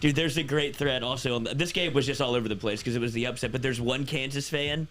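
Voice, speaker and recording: A man co-hosting a sports talk show in casual chat, telling animated stories and acting out quotes. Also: mid-range voice. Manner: fast, animated storytelling with acted-out quotes. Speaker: sports radio co-host.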